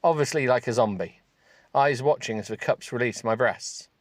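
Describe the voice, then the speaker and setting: A male podcast host reading a text aloud for comedy, stopping to mock it with sarcastic asides and breaking into high giggles. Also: moderate pace, no echo. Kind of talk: comic reading with running commentary.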